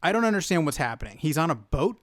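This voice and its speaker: A man's voice: on the high side, very animated, quick pace. An American man co-hosting a podcast, chatting casually in a rambling way with many restarts. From United States. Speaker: podcast co-host. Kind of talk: casual chat.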